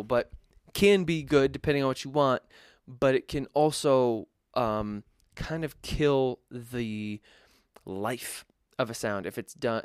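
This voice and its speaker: A man's voice: medium pitch, clear, resonant tone, no room sound, studio quality. A man who produces music, answering viewer questions in a loose, chatty tutorial with many fillers and restarts. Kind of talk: casual tutorial Q&A.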